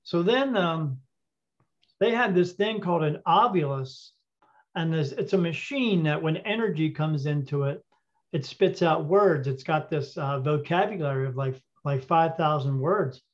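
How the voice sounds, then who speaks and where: A man telling a story as an interview guest, animated and acting out the dialogue, with frequent fillers. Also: fairly high pitch, a little slow. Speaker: interview guest, intuitive reader. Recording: dull lo-fi audio.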